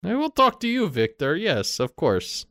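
A man's voice: fairly high pitch, huge pitch swings, normal speed, pushed and bright, dry recording, studio quality, pitched above the performer's own voice, heavily acted. A man putting on a wary little orphan girl. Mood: guarded. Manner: wary, clipped, blunt. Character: fierce, wounded nine-year-old orphan girl.

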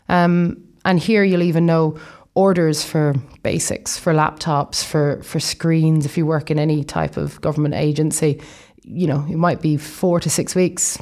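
A young Irish woman vlogger with a low-sitting, darkish voice chats casually, rambling through plenty of asides as she explains things.

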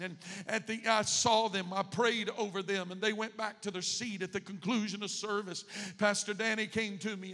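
A man's voice: sits high, big-room sound. A man preaching a sermon as pastor, telling a story with rising emotion and fervent outbursts. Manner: emotional, building to fervent shouts.

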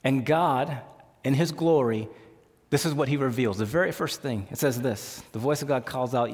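A male pastor preaching a sermon in a conversational, animated way. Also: medium pitch, normal speed, breathy edge. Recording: long hall reverb.

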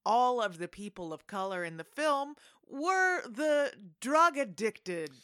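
A woman talks as a podcast co-host, breaking in with strong opinions and playful commentary. Her voice sits a little high and bright, with lively swings in pitch. The recording is close and dry, with no room sound. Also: takes it slowly, clear, resonant tone, no room sound. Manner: opinionated, interrupts to comment, acts out scenes. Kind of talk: casual movie review chat.

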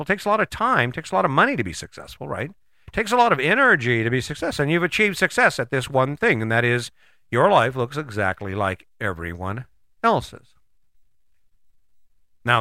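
A man's voice: medium pitch, bright, forceful tone, dry recording. A man hosting a motivational monologue, talking casually and rambling with frequent restarts.

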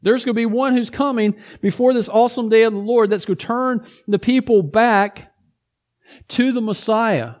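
A man preaching a sermon in a conversational, storytelling way, with lively asides to his listeners. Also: very high-pitched, moderate pace.

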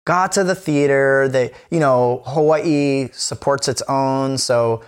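A man's voice: mid-range voice, slow pace, clear, resonant tone. A man co-hosting a podcast, talking candidly in a casual chat, rambling with many fillers and restarts. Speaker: podcast co-host.

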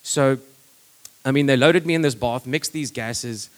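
A man's voice: medium pitch, unhurried. A man giving a personal testimony in a rambling, conversational way, full of fillers and restarts.

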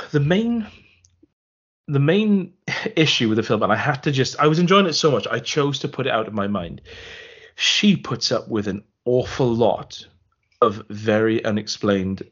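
A man's voice: medium pitch, animated, normal speed, slightly rough. A man co-hosting a podcast, retelling a film's scenes in casual chat with laughing asides. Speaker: podcast co-host. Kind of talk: casual film review chat. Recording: slightly muffled podcast audio.

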